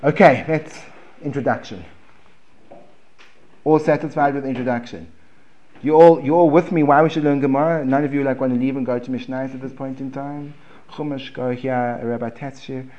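A man with a South African accent teaching a Talmud class in a relaxed, conversational way, restarting phrases and checking in with his students. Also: on the high side. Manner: conversational, repeats words and restarts, asks the room questions. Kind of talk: informal classroom lecture. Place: basement classroom.

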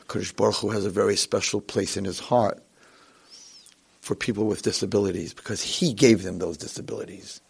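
A man's voice: lowish voice, steady tone, brisk, creaky, slightly rough. A man giving an inspirational speech, telling a story in a dramatic, storytelling manner. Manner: dramatic storyteller who acts out voices. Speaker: inspirational speaker.

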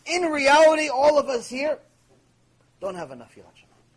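A man's voice: extremely high pitch, animated, moderate pace, rough recording. A man giving a live Torah lecture, emphatic and repeating his key points, acting out imagined prayers. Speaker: Torah teacher.

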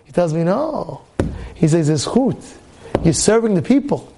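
Man, rabbi, sermon, very high voice, impassioned, repetitive, shouts exhortations. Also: sing-song, unhurried, vocal fry, noisy background.

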